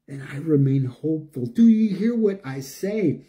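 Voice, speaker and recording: Older man, spiritual talk, very dark tone, fairly high pitch, preachy, repetitive, emotional. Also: lively intonation, moderate pace, hardly any pauses. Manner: preachy, repetitive, chanting lists; emotional, shifts between loud and hushed. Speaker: spiritual speaker. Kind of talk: impassioned spiritual monologue.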